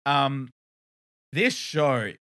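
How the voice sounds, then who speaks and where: A man's voice: medium pitch, very animated, extremely slow, bright, forceful tone. A young man with a South Australian accent, co-hosting a podcast in casual chat, rambling and laughing as he goes. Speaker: podcast co-host.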